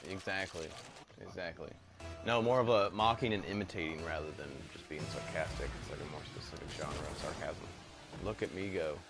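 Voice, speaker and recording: A man's voice: low voice, fairly quick, over music. A man chatting casually while gaming, rambling through self-deprecating asides. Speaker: gamer co-host.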